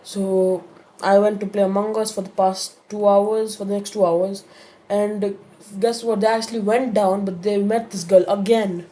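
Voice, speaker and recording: A woman's voice: mid-range voice, flat delivery, moderate pace, warm tone. A woman telling a story-time tale in a casual, rambling way, with many fillers and restarts.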